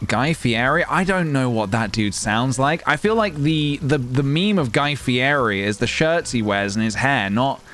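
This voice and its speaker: A man's voice: medium pitch, lively intonation, measured pace, few pauses, fairly bright tone. A man chatting casually with viewers while streaming a game, meandering, laughing often and humming little tunes to himself. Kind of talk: casual gameplay livestream chat.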